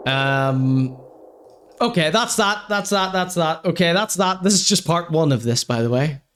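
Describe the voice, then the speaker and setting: A man's voice: fairly high pitch, expressive, a little slow, a bit bright, clear, resonant tone. A man hosting a live-streamed comedy show, ranting crudely in mock seriousness and then apologising over and over. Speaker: podcast host. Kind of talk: live-streamed comedy rant and chat reading.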